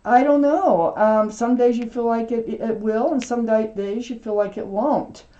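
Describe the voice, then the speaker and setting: Soft-toned woman giving a tarot reading. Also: on the high side, highs cut off. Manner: halting, with frequent ums and restarts; gentle, reassuring, speaks directly to the viewer. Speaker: tarot reader. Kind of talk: casual tarot reading to camera.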